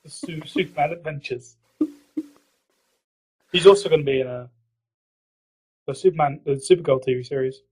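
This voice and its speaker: A man's voice: normal speed, long pauses, a little mellow, slightly rough. A man hosting a casual podcast chat, rambling, giggling and swearing, slipping into mock impressions. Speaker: podcast host. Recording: low-quality audio.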